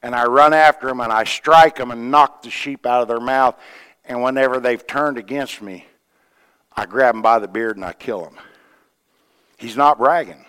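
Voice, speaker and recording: A man's voice: medium pitch, a bit bright, clean tone. Folksy preacher man, echoey hall. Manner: folksy, retells scripture with quoted voices and asides. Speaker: pastor. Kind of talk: sermon storytelling. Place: church.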